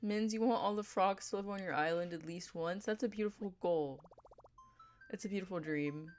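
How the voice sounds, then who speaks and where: Low-voiced streamer woman, dramatic and chatty. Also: normal speed, soft background music. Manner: dramatic mock outrage, chatty with viewers. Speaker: game streamer. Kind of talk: casual livestream chat.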